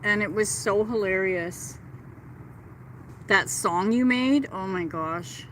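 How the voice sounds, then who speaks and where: Middle-aged woman hosting a livestream, chatty and gushing; keen, bright, slightly high voice; outdoors on a handheld phone, faint noise behind. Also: slow, poor audio. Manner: chatty and gushing, reads out and answers chat. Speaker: livestream host. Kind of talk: casual live chat with viewers. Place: outdoors in a park.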